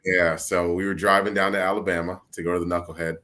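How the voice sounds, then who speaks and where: A man telling stories in an animated way during a casual live stream. His voice sits on the low side. He chats freely with the other hosts. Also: quick pace. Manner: animated storyteller.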